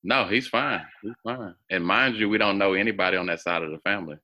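A man telling a personal story as a guest in an interview, acting out the voices of others with sudden jumps in pitch. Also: quick pace, dull audio. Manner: animated, acts out quoted voices with big pitch jumps.

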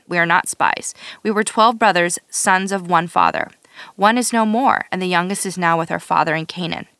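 A woman reading scripture aloud in a steady, measured way, now and then stumbling and restarting a word. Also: mid-range voice, no echo. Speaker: scripture reader.

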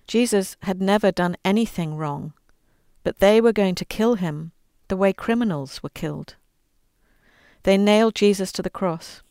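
Earnest, expressive woman with smooth voice. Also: medium pitch, no room sound, clean studio sound. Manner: earnest and expressive, voicing quoted lines. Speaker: guest author reading her book. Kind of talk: conversational interview, then storybook read-aloud.

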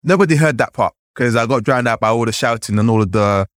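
A man from Nigeria, a podcast guest, recounting his childhood in a lively storytelling way, often saying "like" and acting out the voices he remembers. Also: mid-range voice, quick pace, no echo, clean studio sound. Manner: animated, acts out remembered voices, frequent "like". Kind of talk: storytelling in conversation.

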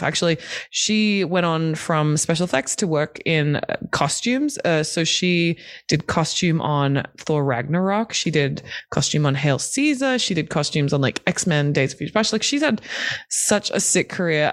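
A woman hosting a casual movie podcast, bubbly and animated, swearing casually as she chats with co-hosts. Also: deep voice. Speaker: podcast host.

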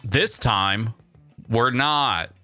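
A man's voice: medium pitch, drawn-out words, bright, forceful tone, faint music behind. A man co-hosting a podcast, chatting casually in a rambling, jokey way on a single mono mic. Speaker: podcast co-host. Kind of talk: casual chat. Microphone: single mono microphone.

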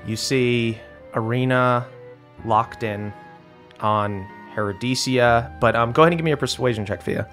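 A man runs a tabletop game, describing the scenes in a loose, conversational way, with plenty of "um"s and "like"s. His voice sits at a medium pitch, and faint music plays in the background. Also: moderate pace, a bit bright. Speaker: game master.

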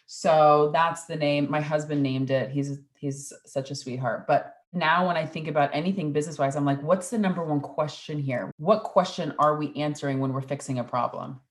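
A woman in her thirties with a notably low, deep voice talks in a casual interview. She is chatty and playful and tells her stories with animation. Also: moderate pace, few pauses. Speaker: podcast host and interview guest.

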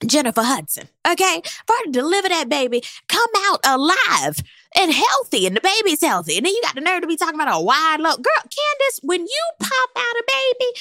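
A pregnant woman giving a blunt, sassy recap in casual chat, jumping into high mock voices. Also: a bit bright, dry recording, studio quality. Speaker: reality TV recap host.

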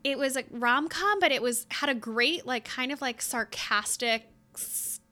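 Bright-voiced young woman, podcast co-host, chatty book talk. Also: high-pitched, unhurried. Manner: chatty, upbeat, many filler words. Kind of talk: casual chat about books.

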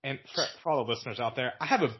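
A young Virginia man, guesting on a podcast, rambles through casual stories packed with "like" and laughs as he goes. His mid-range voice races along, and the audio sounds dull.

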